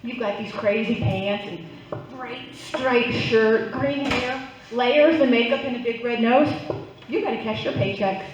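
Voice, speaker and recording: A woman's voice: a little high, a little slow, slight background noise. A middle-aged woman doing a playful stand-up set, chatting with the crowd and getting them to play along. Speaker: stand-up comedian. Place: club stage, live audience. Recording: roomy, distant, dull live recording.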